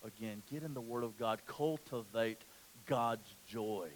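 A man preaching a sermon in a church. He swings from quiet, low stretches to loud, emphatic passages and often restarts his phrases. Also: measured pace. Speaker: pastor.

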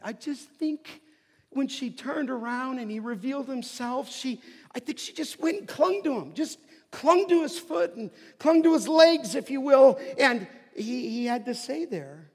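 A male pastor preaching in a high voice at a slow, deliberate pace. He drops to hushed asides, then rises to emphatic lines. His voice rings with the long reverb of a church hall. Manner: expressive preaching, swings between hushed and emphatic. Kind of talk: sermon.

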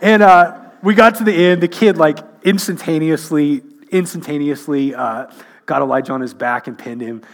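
A man's voice: a little high, moderate pace. A middle-aged man preaching a sermon, telling funny self-mocking family stories before landing an earnest point. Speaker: pastor.

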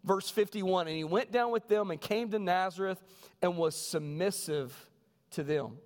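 A man, a pastor, preaching a sermon with animated storytelling. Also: sits high, measured pace. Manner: animated storytelling, voices quoted people. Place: church sanctuary. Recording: long reverb of a church hall.

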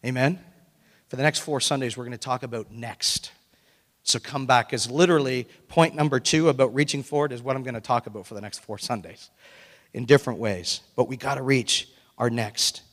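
A male pastor preaching a lively, animated sermon to his congregation. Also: mid-range voice, brisk. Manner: animated, breaks into excited shouting and laughter. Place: church sanctuary. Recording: long reverb of a hall.

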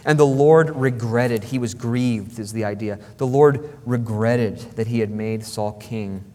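A man's voice: medium pitch, a little slow, darkish tone. A man preaching a sermon as pastor, emphatic and repeating phrases for stress. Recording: long hall reverb.

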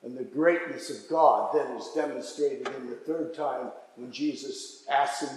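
A man preaching a sermon, impassioned, dropping to a hush and then rising again. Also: mid-range voice, measured pace, few pauses, a little hiss or hum. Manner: impassioned, swings from hushed to raised. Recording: echoey hall.

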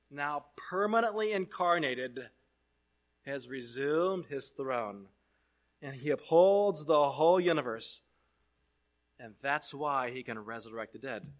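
Man preaching with dramatic swings. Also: a little high. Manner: dramatic swings between loud proclamation and hushed asides. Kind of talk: sermon.

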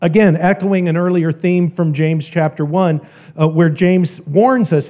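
Emphatic preacher man, mellow voice. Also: on the high side, a little slow. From American South. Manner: earnest, emphatic preaching with wide swings in loudness. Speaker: pastor. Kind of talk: sermon. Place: church.

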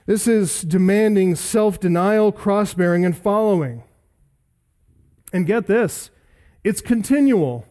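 A male pastor preaching an expository sermon, emphatic, building through repeated lists and slowing down on key words. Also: high voice, lively intonation, mellow.

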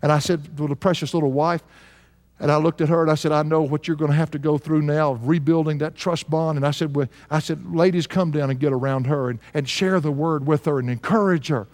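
60s guy preaching, kinda high voice, chuckles thru his story, long hall echo. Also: steady tone, fairly quick. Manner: storytelling with warm chuckles and earnest emphasis. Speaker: pastor. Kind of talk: sermon.

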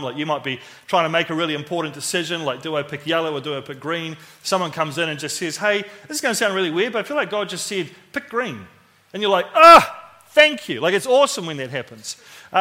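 A man's voice: a little high, bright, forceful tone. A man with a New Zealand accent telling a personal story in a conversational sermon, acting out the voices he quotes.

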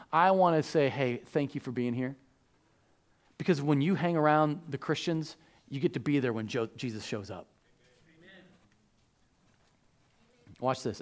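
A man preaching a sermon as a pastor, animated and joking, acting out the voices of biblical figures. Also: a little high.

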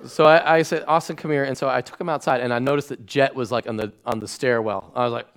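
A man, a pastor preaching a sermon to a congregation, acting out family stories with lively swings and falling soft and hushed when he turns reflective. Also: medium pitch, fast talker, clean tone. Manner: animated storytelling, acting out his own shouting at bedtime. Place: church stage before a congregation.

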